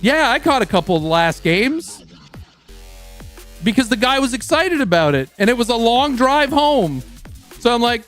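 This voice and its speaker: High-voiced Canadian man swearing casually. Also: sing-song, moderate pace, pauses often, fairly bright tone, soft background music. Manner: profane, rambling storyteller. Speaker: streamer. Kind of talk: casual stream chat.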